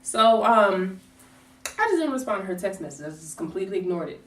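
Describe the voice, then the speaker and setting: A woman vlogger telling a personal story in a lively, casual way, swearing and acting out what people said. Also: medium pitch, fairly quick. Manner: animated, swears, acts out quotes. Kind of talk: storytime vlog. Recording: roomy echo, distant from mic.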